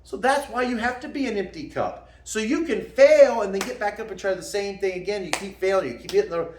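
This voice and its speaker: A man's voice: high-pitched, fairly quick, roomy sound, a little hiss or hum. A man who teaches martial arts, giving a folksy motivational talk, calling the listener "man" and laughing at his own jokes.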